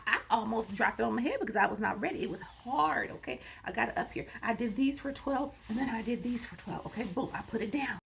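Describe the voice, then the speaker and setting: A woman's voice: on the high side, gravelly, fairly bright tone, slight background noise. A woman vlogger giving a rambling, playful recap of her gym workout, sometimes dropping into a whisper. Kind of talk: casual chatty workout recap.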